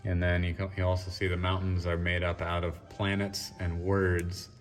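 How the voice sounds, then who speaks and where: A man giving a casual walk-through of his own art show, explaining his works in a relaxed, rambling way with frequent restarts. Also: deep voice, normal speed. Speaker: artist giving a gallery tour. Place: art gallery show room. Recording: echoey room from a distance with faint music.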